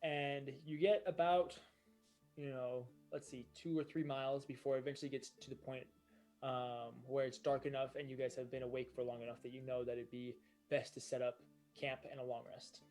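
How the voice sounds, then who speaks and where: A man's voice: mid-range voice, flat delivery, brisk, darkish tone, soft background music. A man narrating a tabletop game as game master, meandering and full of fillers and self-corrections.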